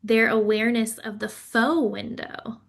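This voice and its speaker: Woman host, brighter pitch, unhurried, affirming, online session. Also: steady tone, gravelly. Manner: affirming, with short backchannels. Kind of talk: conversational online teaching.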